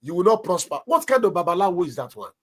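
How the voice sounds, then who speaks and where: A very animated man with a Nigerian accent, a pastor and marriage counselor, gives emphatic marriage advice on a talk show, preaching and acting out small anecdotes. His voice is high-pitched and fairly bright, and he speaks fast.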